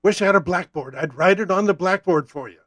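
A man's voice: high-pitched, fast talker, fairly bright tone, no echo. An American man delivering a profane, worked-up political rant as a talk-show host. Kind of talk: ranting political monologue.

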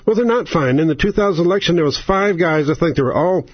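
A man's voice: on the high side, expressive, fast, husky, no room sound. A man hosting a talk radio show, ranting in an angry, sarcastic, exasperated way. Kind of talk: political radio rant. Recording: lo-fi, dry radio sound.

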